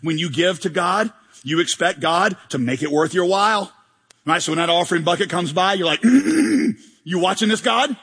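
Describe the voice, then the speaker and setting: A man preaching a sermon as pastor, animated and joking, often acting out mock prayers in a large church hall. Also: a little high, a little fast, breathy edge. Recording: long hall reverb.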